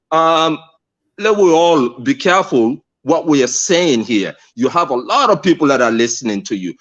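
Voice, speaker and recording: A man from Sierra Leone with a Sierra Leonean accent, speaking earnestly and emphatically as a caller in a live discussion, repeating phrases and pausing on fillers. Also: mid-range voice, highs cut off. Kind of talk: impassioned call-in discussion.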